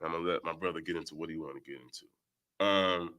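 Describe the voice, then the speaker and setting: A man's voice: low-pitched, brisk, pushed and bright. A man leading a Bible study, reading verses aloud and explaining them, often asking "right?". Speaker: Bible teacher. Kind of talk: scripture study talk.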